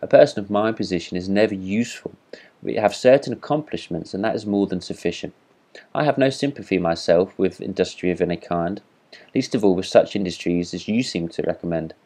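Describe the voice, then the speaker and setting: A man's voice: low voice, brisk, a little mellow. A man doing a haughty, pompous firework rocket. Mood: disdainful. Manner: haughty, self-important. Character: vain pompous boastful male firework rocket. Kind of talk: storybook reading.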